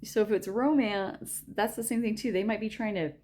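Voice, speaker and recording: A woman's voice: medium pitch, moderate pace, warm tone. A woman tarot reader chatting casually, rambling with many fillers and frequent giggles. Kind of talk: casual chat during a tarot reading.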